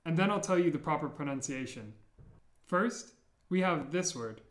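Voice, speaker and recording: A man with a fairly high voice gives a beginner language lesson, patiently spelling out each sound and repeating it. The room is echoey, so his voice rings off the walls. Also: animated, normal speed, fairly bright tone. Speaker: language teacher.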